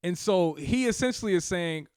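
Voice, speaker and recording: A man's voice: sits high, moderate pace, clean tone, dry recording, clean studio sound. A man co-hosting a podcast, telling stories in casual chat with plenty of fillers. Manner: relaxed storytelling with fillers. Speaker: podcast co-host. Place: podcast studio.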